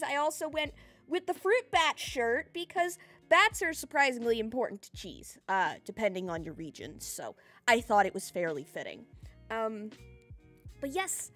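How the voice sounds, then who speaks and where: A high, bouncy woman's voice that swoops all over the place as she chats with her stream audience. She giggles and gushes with excitement, yet takes her time between words. Soft music plays faintly behind her. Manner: excitable, giggly, gushing thanks to chat. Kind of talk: casual live-stream chat. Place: home streaming setup.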